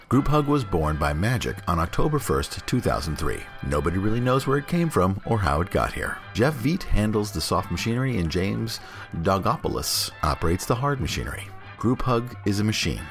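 A man hosting a podcast, reading anonymous confessions aloud in a casual, offhand way, recorded at his workplace. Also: low voice. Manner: reads confessions with mock anger, loose and offhand.

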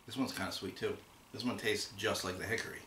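A man co-hosting a casual taste-test chat, relaxed and thinking aloud as he compares flavors. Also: fairly low pitch, fast talker. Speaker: co-host. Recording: roomy room, mic a bit far, faint noise.

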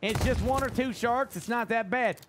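A man streaming a pirate game as ship captain, bossing and cheering on his crew in excitable, loud banter. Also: very high-pitched, moderate pace, noisy background. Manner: bossy, excitable, yells orders at crew. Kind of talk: excited casual gaming banter. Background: game music.

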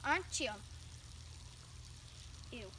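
A woman's voice: very slow, bright, forceful tone, a little hiss or hum, rough recording. A woman voicing her pet dog as a grumpy, whiny complainer in a casual vlog.

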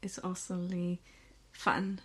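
A woman's voice: lowish voice, monotone, measured pace, husky. A woman hosting a podcast, chatting casually and laughing easily through playful banter. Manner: giggly, easygoing banter. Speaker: podcast host. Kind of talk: casual chat.

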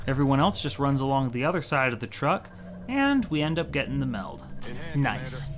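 A man's voice: medium pitch, sing-song, moderate pace, faint music behind. A man from the United States giving wry, self-mocking commentary over his strategy game playthrough on a studio microphone. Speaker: let's play host. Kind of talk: gameplay commentary. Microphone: new studio microphone.

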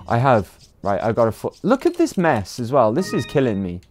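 British guy rambling on a game stream, um-ing and uh-ing a lot, mid-pitched voice. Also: huge pitch swings, fairly quick, a little mellow, soft background music. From Britain. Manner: chatty, rambling, with frequent ums and uhs. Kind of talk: casual livestream commentary.

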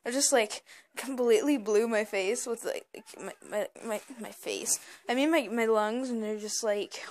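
A woman's voice: on the high side, fairly even intonation, measured pace, darkish tone. Hyper, rambling young woman vlogger. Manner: hyper, rambling, stammering repeats. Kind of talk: casual rambling vlog.

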